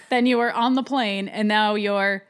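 Woman podcast cohost, middle pitch, casual chat, sarcastic, does little bits of the scenes. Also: steady tone, measured pace, smooth. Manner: chatty, sarcastic, acts out lines from scenes. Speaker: podcast co-host. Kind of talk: casual chat recapping a TV episode.

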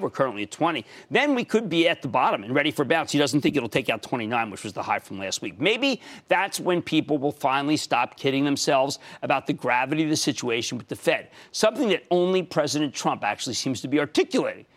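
Excitable TV finance host with Philly twang. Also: male voice, fairly high pitch. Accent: Philadelphia-area American. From Pennsylvania. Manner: excitable, shouting bursts, emphatic. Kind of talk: energetic market commentary and call-in.

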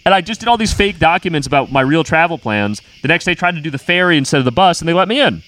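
Man, high animated voice, rambling chat, laughs often, repeats words. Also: fast, poor audio. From United States. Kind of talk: casual chat, telling a long anecdote.

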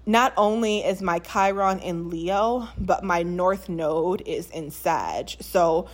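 A young woman from New Orleans with no local accent, chatting casually to camera in a life update, animated, with lots of fillers and frequent laughs. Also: fairly low pitch, takes it slowly. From New Orleans, USA. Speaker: vlogger.

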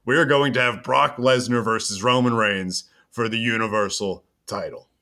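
A man hosting a podcast who chats casually while recapping a wrestling show in an animated, storytelling way. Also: medium pitch. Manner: animated storytelling, quick asides. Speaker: podcast host.

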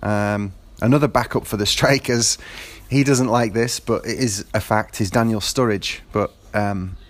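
Rambling man, lowish voice. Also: fairly even intonation, measured pace. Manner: rambling, with frequent fillers and restarts. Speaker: football fan. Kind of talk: casual monologue.

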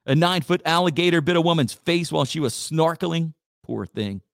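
A man's voice: fairly high pitch, a little fast, vocal fry, dry recording. Radio host guy, joking around, voice all over the place, dry sound. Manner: animated, joking, reads listener messages. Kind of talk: casual talk radio.

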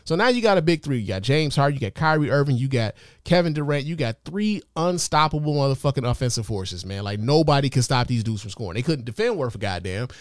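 A man's voice: medium pitch, sing-song, fast talker, few pauses, no room sound, clean studio sound. Casual, profane male podcast host. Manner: loose, profane, conversational with frequent fillers. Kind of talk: casual commentary monologue.

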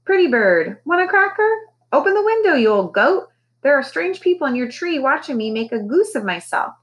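Cranky bossy storybook parrot, played by a woman, pitched high and squawky, full of complaints. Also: very animated, moderate pace, muffled recording. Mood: squawking. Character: grumpy bossy female parrot messenger.

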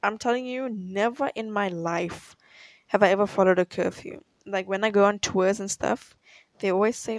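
Young woman yapping about her life, lots of "like"s and little laughs, mid-pitched, dry close mic. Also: fairly even intonation, normal speed, no echo. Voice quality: chatty, laughs often, fills with "like". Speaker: tennis player answering questions. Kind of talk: casual storytelling to camera.

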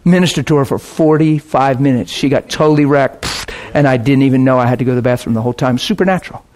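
A man preaching, telling a personal story to his audience in an animated, emotional way with bursts of laughter. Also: mid-range voice, quick pace. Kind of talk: anecdotal storytelling sermon.

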